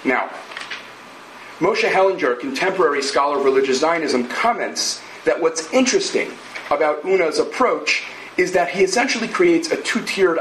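Measured male lecturer in an echoey room. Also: fairly high pitch, a bit bright, slight background noise. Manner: measured, explanatory, thinks aloud with asides and tag questions. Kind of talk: academic lecture.

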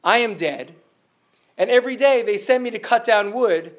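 A tormented dead man, guilty and pleading, as a teacher reads him out. His confession comes out plaintive and a little raised, fairly high in pitch. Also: moderate pace, fairly bright tone.

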